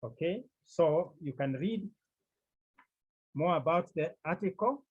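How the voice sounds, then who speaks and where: A man teaching a Greek class, explaining slowly and repeating key phrases for his students. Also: on the high side, expressive, breathy edge, phone-quality sound. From Cameroon. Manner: slow, repetitive explaining. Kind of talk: classroom lecture.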